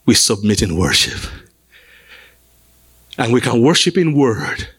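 A pastor preaching a sermon from a church stage, swinging between sing-song cadence and sudden shouts. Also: male voice, medium pitch, sing-song, a little slow, slightly rough.

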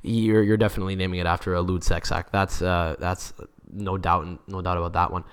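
A man's voice: sits low, level tone, a little fast, smooth. A man co-hosting a casual football podcast, rambling with lots of restarts and swearing. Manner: rambling, many restarts, swears, laughs at own stories; reads Italian quotes and translates them. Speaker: podcast co-host.

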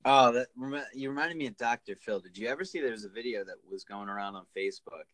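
A young man co-hosting a podcast in casual chat, with joking, deadpan asides. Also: medium pitch, quick pace, no room sound. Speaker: podcast co-host.

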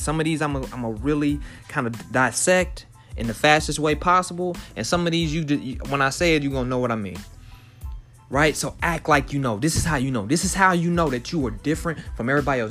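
A man's voice: on the high side, a bit bright. A man hosting a motivational podcast, talking straight to his listeners with fervent, repetitive urging. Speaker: podcast host.

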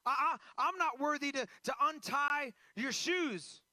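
A male pastor delivers a sermon in a high, bright voice. He moves between loud, insistent emphasis and quiet, intense stretches. The sound is dry and close. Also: unhurried, dry recording. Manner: preaching with swings from loud emphasis to hushed intensity.

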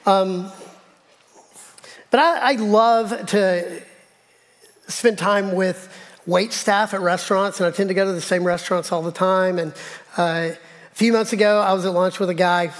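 High-voiced pastor in a reverberant hall. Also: male voice, fairly even intonation, a little slow, long pauses. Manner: conversational, self-deprecating, acts out dialogue. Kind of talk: sermon with personal storytelling. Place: church sanctuary.

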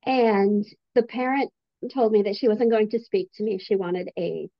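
A woman guest who is a teacher, telling a story in a relaxed, conversational interview. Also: mid-range voice, moderate pace, no room sound. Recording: dull lo-fi remote audio.

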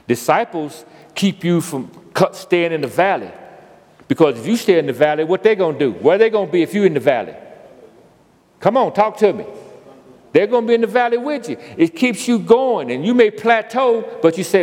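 A man's voice: high-pitched, big pitch swings, moderate pace, a little mellow. A man preaching a sermon as pastor, folksy, calling out to the congregation. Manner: call-and-response preaching, folksy. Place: church sanctuary. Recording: long church reverb.

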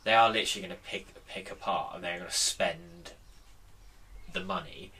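A young man co-hosting a podcast, teasing and quick with jokes in casual football chat. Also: sits low, breathy edge. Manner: quick-witted, teasing, laughs often. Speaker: podcast co-host. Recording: bright, faint hiss, set back from mic.

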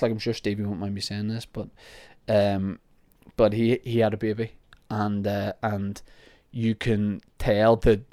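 A man's voice: mid-range voice, a little mellow, clean tone, no echo, studio quality. A young man with a Northern Irish accent, hosting a podcast and answering listener questions in a rambling, jokey, self-deprecating way. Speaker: podcast host.

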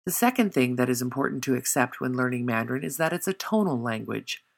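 Gravelly tutor narrating a lesson. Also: medium pitch, lively intonation. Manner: measured, slows down to demonstrate sounds. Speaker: language tutor.

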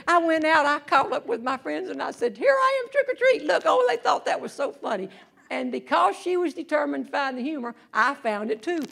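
A woman telling comic stories on a theater stage, acting out the voices. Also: sits high. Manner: animated, acts out voices, laughs along. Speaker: humorist and storyteller. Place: theater stage before a live audience.

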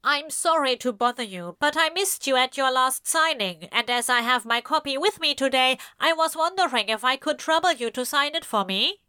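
A woman voicing a smarmy, sneering male stranger with a flat, rehearsed delivery. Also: high voice, normal speed, hardly any pauses, clear, resonant tone, dry recording, clean studio sound, pitched above the performer's own voice. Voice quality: monotone, smarmy.

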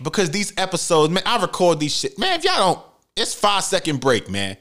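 A man's voice: high-pitched, brisk. Guy doing a solo podcast, cursing a lot, voice jumps up and down, acts out quotes. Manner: animated and profane, acts out quotes. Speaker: podcast host. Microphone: studio mic with headphones.

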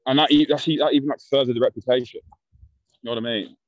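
A young man tells rough stories in a loose, blunt way, swearing freely and voicing the people he quotes. His voice sits at an ordinary pitch, and the recording is dry and a little dull. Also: fairly even intonation, quick pace, dry recording. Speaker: guest. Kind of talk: casual storytelling.

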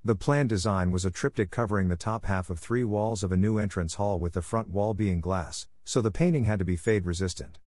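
A man reading as a calm woman gallery manager. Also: on the low side, brisk, hardly any pauses, no room sound, clean studio sound, close to an everyday voice.

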